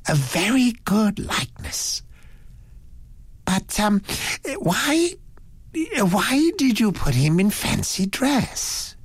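A man doing a fussy elderly gentleman, raised voice. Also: high-pitched, big pitch swings, drawn-out words, long pauses, breathy edge, no room sound, pitched above the performer's own voice, heavily acted. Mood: wondering. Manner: faltering, wondering.

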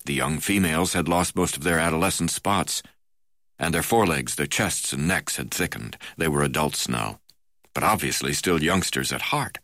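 Reading a memoir aloud, a man with a very low, sharp-toned voice speaks in a measured way with an occasional hesitation. The recording is close and dry, with no echo or room sound.

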